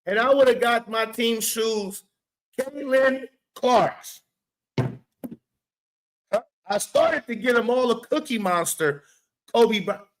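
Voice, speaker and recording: A man hosting a casual live stream, animated, swearing and talking back to his chat. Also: very high-pitched, slow pace, long pauses. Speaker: show host.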